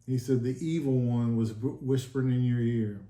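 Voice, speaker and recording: A man's voice: mid-range voice, fairly even intonation, normal speed, mellow. A man telling his testimony in a casual sit-down talk, earnest and emotional, acting out the dialogue he recalls. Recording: echoey room.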